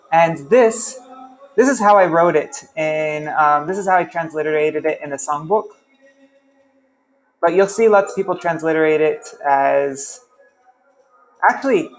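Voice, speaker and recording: A man teaching an informal class in a voice pitched a touch high, talking in a loose, chatty way. He interrupts himself often and says sounds again and again so students can copy them, with a faint hiss of noise behind him. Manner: chatty, self-interrupting, repeats sounds to demonstrate. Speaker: language teacher. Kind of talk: casual online class.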